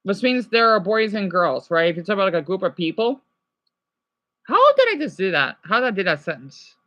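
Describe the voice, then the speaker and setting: A man's voice: high voice, very animated, fairly quick, bright, forceful tone, dull audio. A man streaming live and chatting casually with viewers, rambling, correcting himself and slipping in French phrases. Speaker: livestreamer answering viewers.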